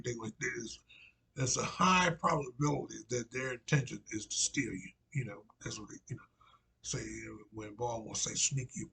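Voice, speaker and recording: A man's voice: lowish voice, creaky, a bit bright, breathy edge, poor audio. A man giving a rambling religious monologue, repeating himself and filling gaps with "you know". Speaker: religious speaker.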